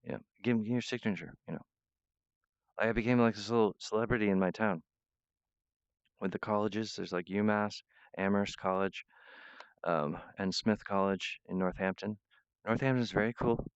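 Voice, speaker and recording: A man with a low, smooth voice delivers a rambling monologue straight to his viewers. He keeps apologizing and jumping between ideas. The sound is dry and close, with a dull, lo-fi quality. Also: steady tone, normal speed, pauses often, no echo. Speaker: self-styled wizard pitching himself.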